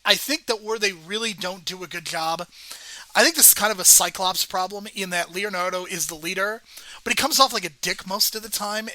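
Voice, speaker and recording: A man co-hosting a movie review podcast, talking in a measured, analytical way as he scores films. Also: high voice, bright, forceful tone, no echo, poor audio. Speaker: podcast co-host. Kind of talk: casual movie review chat.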